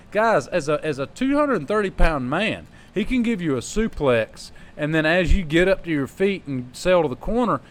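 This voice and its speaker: A man hosting a wrestling podcast, telling long joking stories in casual chat. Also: a little high. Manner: rambling, joking storyteller.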